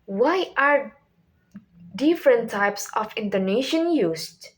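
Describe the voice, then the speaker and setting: Slow-speaking young woman reading a lesson. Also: fairly high pitch, lively intonation. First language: Indonesian. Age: young adult. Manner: reads questions and answers from a script, with small restarts and slips. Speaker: student presenter. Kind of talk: reading a class presentation.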